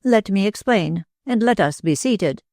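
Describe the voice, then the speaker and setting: A cynical little old man with an elfish, mocking edge, delivered sly and clipped in an audiobook, as a woman narrator puts him on. His voice sits a touch higher and lighter than the narration around it. The recording is close and dry. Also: unhurried, a little mellow, dry recording, close to an everyday voice. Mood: stiff. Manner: sly, jeering, clipped and curt.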